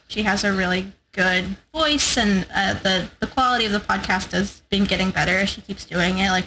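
A woman's voice: medium pitch, pushed and bright, a little hiss or hum, low-quality recording. A woman co-hosting a podcast, chatting eagerly with a rambling, filler-heavy manner. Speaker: podcast co-host. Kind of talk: casual chat.

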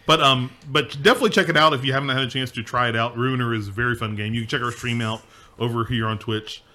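A man's voice: mid-range voice, steady tone, fast, sharp tone. A man hosting a casual gaming podcast, rambling with restarts and laughing often. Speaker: podcast host.

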